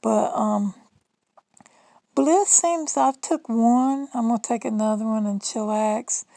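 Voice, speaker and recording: A middle-aged Southern woman talking to her phone in a loose, rambling vlog, folksy and chatty. Her voice sits a little high and is heavily gravelly with vocal fry. The sound is dry and close, with almost no room around it. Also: slow pace, mellow, no room sound, low-quality recording. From Southern United States. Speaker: vlogger. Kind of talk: rambling casual monologue.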